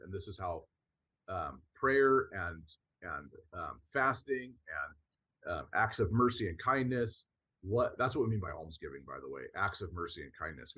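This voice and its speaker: A man with a low, husky voice talks through spiritual ideas on a podcast. He is earnest and often restarts his sentences as he explains. It sounds like an unhurried conversational teaching. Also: sharp tone. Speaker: podcast co-host.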